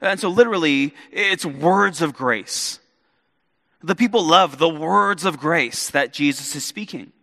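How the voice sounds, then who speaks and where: A man preaching a sermon as pastor, animated, with playful asides to the congregation. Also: a little high, measured pace. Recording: long hall reverb.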